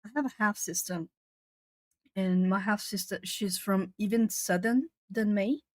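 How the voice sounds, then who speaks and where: An animated young woman in casual chat with her viewers, laughing often and circling back over her words. Her voice has an ordinary middle pitch for a woman. It is recorded dry, with no room sound. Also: measured pace, dry recording. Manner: chatty, laughs often, repeats and restarts words. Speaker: art channel host.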